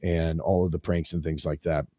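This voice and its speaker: A man's voice: a bass voice, flat delivery, normal speed, mellow, no room sound, studio quality. A man hosting a talk radio show, chatting casually and rambling with lots of fillers.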